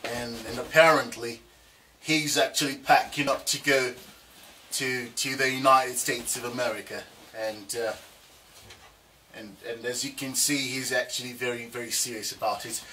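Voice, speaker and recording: A man's voice: mid-range voice, fairly even intonation, sharp tone. A man from Zambia narrating a comedy skit, stumbling and repeating his words, recorded from a distance. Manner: halting, repeats words, mixes languages. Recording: distant mic with faint background noise.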